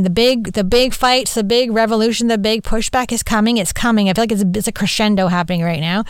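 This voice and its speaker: A woman's voice: mid-range voice, clear, resonant tone, no room sound. A woman hosting a podcast, rambling in casual monologue and swearing freely, recorded in a small closet. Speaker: podcast host.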